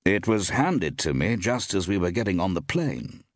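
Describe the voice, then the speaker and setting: A man reading aloud, voicing a composed gentleman who speaks in a measured, politely probing way. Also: sits low, big pitch swings, no echo, clean studio sound.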